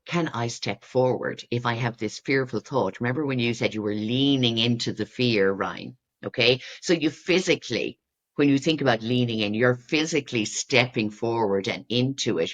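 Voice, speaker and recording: Expressive woman therapist. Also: extremely low pitch, moderate pace, muffled recording. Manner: expressive, acts out inner voices, rises to excited peaks. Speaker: therapist and guest. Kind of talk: reflective coaching talk.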